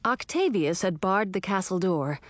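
A woman giving scripted first-person narration of a children's story in a clear, even storytelling manner. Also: medium pitch, normal speed, no echo. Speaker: audiobook narrator.

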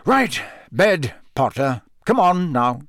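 A man voicing a gruff, battle-scarred older male wizard who growls and speaks slowly and deliberately. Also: on the high side, very animated, a bit bright, no room sound, studio quality, exaggerated voice.

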